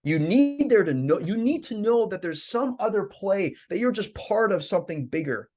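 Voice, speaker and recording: A man, a life coach and podcast guest, telling a story in an animated way. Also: sits high, moderate pace. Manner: animated storyteller, lively swings.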